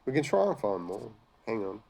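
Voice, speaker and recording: Deep-voiced sweary Australian man ranting. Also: sing-song, normal speed, gravelly, a little mellow. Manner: sweary, sarcastic, exasperated. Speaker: commentary host. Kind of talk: profane rant reacting to news articles.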